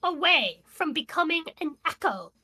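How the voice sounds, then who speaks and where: A woman's voice: high-pitched, big pitch swings, normal speed, pushed and bright. A woman co-hosting a casual political news stream, talking heatedly and profanely with many restarts. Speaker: co-host of a news talk stream.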